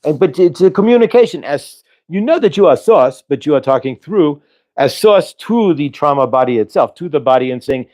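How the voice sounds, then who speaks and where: A man's voice: on the high side, lively intonation, normal speed, darkish tone. A man giving a live spiritual channeling talk, earnest and coaching, asking the listener rhetorical questions.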